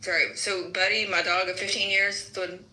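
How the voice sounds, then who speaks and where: A woman in a casual online group chat, joking and sarcastic with quick comebacks. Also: mid-range voice, flat delivery, sharp tone, roomy sound. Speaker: participant in an online voice chat room.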